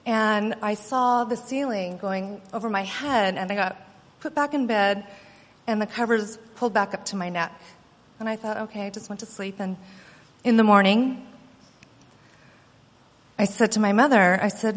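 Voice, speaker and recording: A woman's voice: medium pitch, fairly even intonation, moderate pace. A woman giving a personal testimony at a conference, telling her story earnestly with many fillers and restarts. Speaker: conference speaker. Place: conference hall. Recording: long hall reverb.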